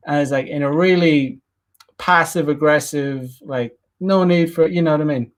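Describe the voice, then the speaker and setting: Halting man rambling through a casual vlog. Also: fairly high pitch. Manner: halting, full of fillers and restarts. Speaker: dating coach vlogger. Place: Japan.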